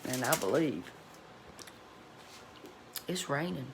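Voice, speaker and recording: A woman's voice: extremely low pitch, big pitch swings, slow, gravelly, very noisy. A middle-aged woman, chatting folksily to her cooking channel viewers at home, laughing often. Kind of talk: casual chat to viewers.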